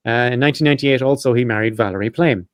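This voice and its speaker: A man hosting a podcast, reading from his notes in a casual, profane way and breaking off with quick asides. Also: mid-range voice, dry recording, clean studio sound. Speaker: podcast host.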